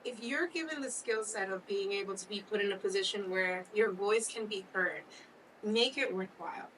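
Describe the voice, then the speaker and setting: Bright-voiced woman co-host, candid. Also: mid-range voice, normal speed, far from the mic, slight background noise, low-quality recording. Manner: candid, laughs often. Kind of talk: casual chat.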